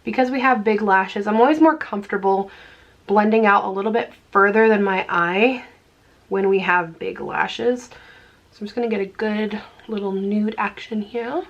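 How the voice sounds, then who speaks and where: A woman beauty vlogger chatting casually while doing her makeup, bubbly and laughing often, dropping into hushed asides. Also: mid-range voice, moderate pace, highs cut off. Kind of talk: casual get-ready-with-me chat.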